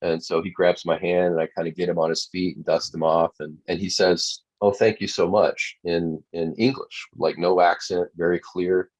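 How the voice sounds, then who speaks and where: A man's voice: sits low, little pitch movement, moderate pace, hardly any pauses. A man telling a personal story as a talk show guest, earnest, often restarting his phrases. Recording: dull lo-fi sound.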